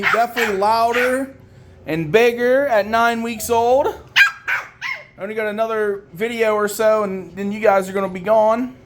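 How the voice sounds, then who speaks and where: A woman's voice: expressive, a little slow, heavy background noise. Woman cooing baby talk at puppies. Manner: swoops into high baby talk when calling the puppies; fond, chatty, teasing the pups. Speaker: dog breeder filming her puppies. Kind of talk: casual running commentary while filming.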